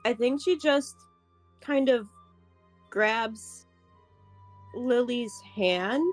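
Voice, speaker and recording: Slow soft lady player, higher pitch, kinda hesitant. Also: faint music behind. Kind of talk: tabletop game play.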